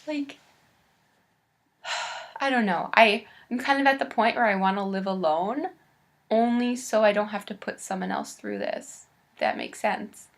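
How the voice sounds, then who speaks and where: A woman in her late twenties speaking in a halting, candid confessional vlog, close to tears. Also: medium pitch. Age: late 20s. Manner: halting and candid, with pauses and restarts. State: on the verge of tears. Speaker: vlogger.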